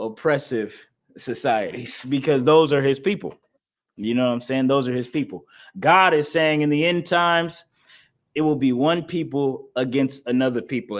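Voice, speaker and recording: Man, scripture class teacher. Emphatic, preachy, and repetitive, with average pitch. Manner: emphatic, repetitive, laughs between points. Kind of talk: preaching-style scripture lesson.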